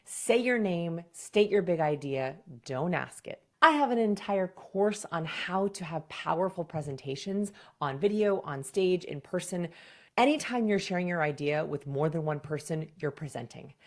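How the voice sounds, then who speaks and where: A woman's voice: on the low side, lively intonation. A woman communication coach giving direct, punchy presentation advice in a scripted video. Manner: direct, punchy advice with quick acted examples.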